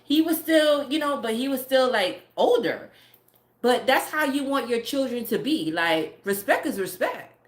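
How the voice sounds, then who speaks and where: A woman's voice: high-pitched, animated, measured pace. A woman in her forties, a mother, telling a family story in blunt, profane, filler-heavy casual talk. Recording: roomy echo.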